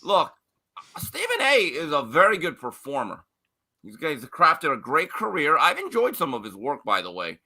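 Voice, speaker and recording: A male sports commentator talking in a casual, opinionated way. His voice is bright and cutting, with a lively, swinging pitch. He leans hard on his points. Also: moderate pace. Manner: opinionated, emphatic, mocking impressions.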